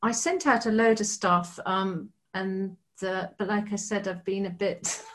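A woman's voice: medium pitch, fairly even intonation, measured pace, a bit bright. A woman, a musician and actor, chatting as a podcast guest in a rambling, self-deprecating way. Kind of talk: casual interview chat.

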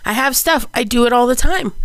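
A woman co-hosting a podcast in casual chat, her voice pitched on the higher side. She vents with heavy feeling and curses freely. The sound is close and dry, with no room echo. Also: brisk, a bit bright. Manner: upset, venting, swears freely. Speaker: podcast co-host.

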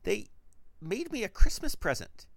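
A man voicing a calm, offhand young woman scientist in a comic story, with a dry, flat delivery. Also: mid-range voice, unhurried, vocal fry, no room sound, pitched above the performer's own voice, exaggerated voice. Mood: deadpan.

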